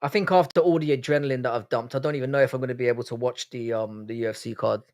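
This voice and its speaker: A man's voice: mid-range voice, fairly even intonation, very fast, a little mellow. An Irish man hosting a live fight watch-along stream, reacting casually and profanely and reading out chat messages. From Ireland. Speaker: livestream host.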